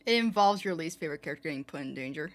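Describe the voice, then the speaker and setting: Giggly young woman streamer, lively. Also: rapid-fire. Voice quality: fairly low voice for a woman. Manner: giggly, playful, laughs often. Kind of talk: casual livestream chat reading comments.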